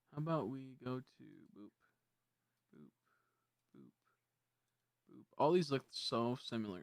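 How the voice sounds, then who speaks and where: Young male streamer, mid-pitch, dry close sound, rambling casual talk with frequent restarts. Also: a little mellow, dry recording. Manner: rambling, self-correcting, easily frustrated. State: hiccups. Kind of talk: casual live-stream chat.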